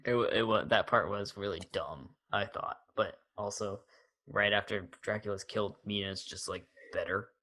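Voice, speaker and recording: A man with a somewhat low voice talks casually with his co-host, often breaking into laughter. He retells movie scenes with playful energy. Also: steady tone, normal speed, sharp tone. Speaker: podcast co-host. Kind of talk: casual chat.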